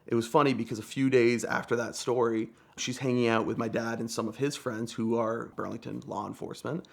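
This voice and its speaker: Young guy, quick and chatty anecdote teller, animated and self-mocking, mid-range voice. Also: mid-range voice, creaky. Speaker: guest storyteller. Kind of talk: casual anecdote telling.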